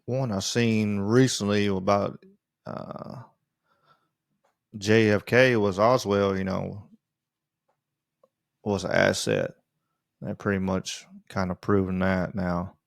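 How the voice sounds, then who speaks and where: A man talks through a casual solo podcast, rambling along with plenty of ums and restarts. His voice sits fairly low with a gravelly fry. The recording is dry and close, with no room sound. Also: no room sound. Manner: rambling, halting, with many fillers and restarts. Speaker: podcast host.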